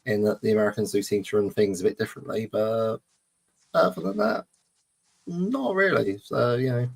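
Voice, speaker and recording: A man's voice: fairly low pitch, normal speed, vocal fry. A man from the United Kingdom on a casual panel chat, easygoing and hesitant with many ums. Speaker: panel co-host.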